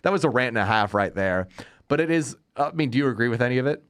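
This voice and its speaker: A man's voice: medium pitch, fast, smooth. A man hosting a podcast, chatting casually about movies in a sarcastic, ranting way and laughing often. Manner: lively, animated delivery. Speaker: podcast host. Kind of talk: casual movie review chat.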